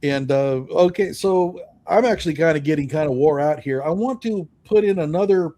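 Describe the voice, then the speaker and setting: A man hosting a live stream from home over a video call, talking in a relaxed, rambling way with many fillers. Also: a little high, normal speed, no echo. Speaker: host. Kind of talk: casual chat on a live stream. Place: home in Oklahoma.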